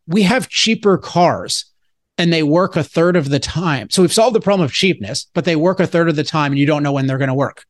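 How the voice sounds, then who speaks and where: A man putting on the voice of a cheerful rental car salesman making a sales pitch. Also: a little fast, natural voice. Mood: chirpy.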